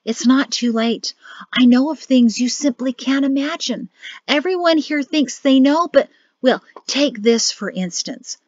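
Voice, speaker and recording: A woman voicing a quiet, grave young man in an audiobook, speaking in soft, low, measured warnings. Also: no room sound. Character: grim quiet young man, cryptic brother. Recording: dull lo-fi dry audio.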